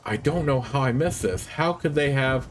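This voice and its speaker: A man's voice: medium pitch, lively intonation, normal speed, slight background noise, voice pushed up, natural voice. A man reading as a guarded woman scout. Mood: alarmed.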